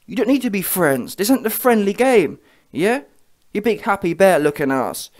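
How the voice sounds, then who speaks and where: A man's voice: high-pitched, very animated, moderate pace. A man giving heated, mocking boxing commentary on his vlog and checking in with viewers as he goes. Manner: heated, mocking, keeps asking the viewer "yeah?". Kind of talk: ranting reaction commentary.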